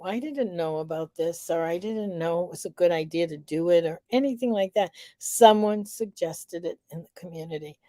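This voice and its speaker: A middle-aged woman hosting a live vlog, reflective and unhurried, a little out of breath. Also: medium pitch, dry recording, studio quality. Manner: warm, reflective, unhurried with many fillers. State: slightly out of breath. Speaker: vlog host.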